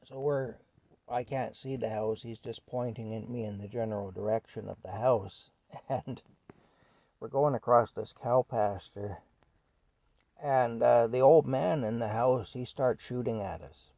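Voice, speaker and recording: A man's voice: mid-range voice, measured pace, creaky, warm tone, no room sound, lo-fi sound. A man casually telling a rambling story at home, with chuckles and fillers. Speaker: vlogger telling stories.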